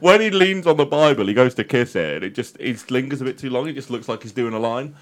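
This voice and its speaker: A man's voice: medium pitch, animated, fast talker. A British man co-hosting a podcast in casual banter, making crude, sweary jokes. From Britain. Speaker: podcast co-host.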